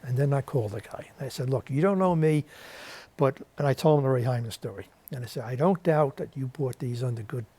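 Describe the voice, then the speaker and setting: A man's voice: medium pitch, brisk, mellow, breathy edge. A man with a New York accent, a guest on a TV interview show, telling a story and acting out the voices of the people in it. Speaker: guest, interviewer of war veterans. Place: TV studio.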